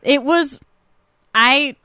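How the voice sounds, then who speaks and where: A woman's voice: high-pitched, drawn-out words, dry recording, studio quality. A woman in casual chat, recapping a TV episode with lots of laughter and swearing. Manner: laughing, animated, swears freely.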